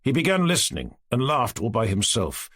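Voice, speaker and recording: A man narrating a classic novel as an audiobook in an expressive storytelling manner. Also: medium pitch, normal speed, no echo, studio quality. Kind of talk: scripted narration.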